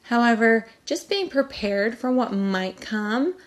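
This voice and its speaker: A young woman from California talking casually to camera, giving candid, chatty advice with lively emphasis. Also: a little high, takes it slowly. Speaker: vlogger.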